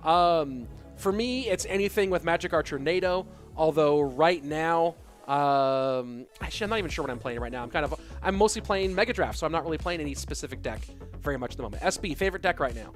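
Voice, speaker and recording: Male esports caster, higher voice, chatty stream host, light music under. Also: expressive, brisk. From California. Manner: chatty, reads chat questions aloud. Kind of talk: live esports commentary.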